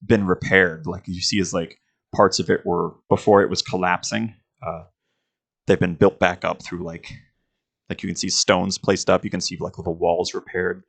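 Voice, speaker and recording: A man's voice: sits low, little pitch movement, moderate pace, vocal fry. A man running a tabletop game as game master, narrating scenes in a rambling way full of fillers. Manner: rambling, filler-heavy description.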